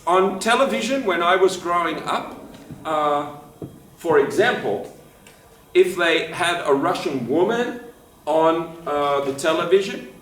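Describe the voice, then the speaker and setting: A man hosting a live improv comedy show, teasing and quick in banter. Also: on the high side, animated, a bit bright, slight background noise. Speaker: improv performer and host. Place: theater stage at a festival. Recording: roomy hall from far off with music.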